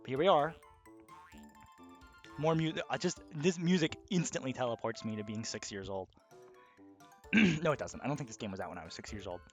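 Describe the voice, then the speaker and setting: A man giving casual, excitable video game commentary, swearing freely. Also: fairly high pitch. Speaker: let's play host.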